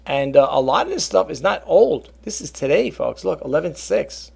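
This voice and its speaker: A man talking casually to his viewers about reselling, rambling and animated, often calling them folks. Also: on the high side, normal speed, gravelly, slightly rough. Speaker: reseller vlogger. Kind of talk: casual talk to camera.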